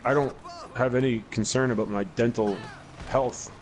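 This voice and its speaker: His voice is mid-range and his tone steady at a moderate pace: a man in his forties co-hosting a relaxed gaming podcast. He tells long, rambling stories laced with swearing and plenty of restarts. Slight background noise comes through on the low-quality recording.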